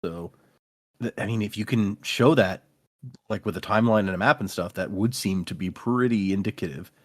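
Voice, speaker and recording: A man co-hosting a casual book discussion podcast, retelling chapters with animated energy. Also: on the low side, normal speed. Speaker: podcast co-host. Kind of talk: casual chat recapping a book.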